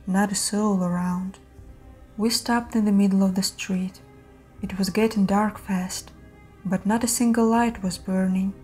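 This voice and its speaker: Woman narrator for horror tales, mellow tone, faint music bed. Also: medium pitch. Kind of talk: scripted horror story narration.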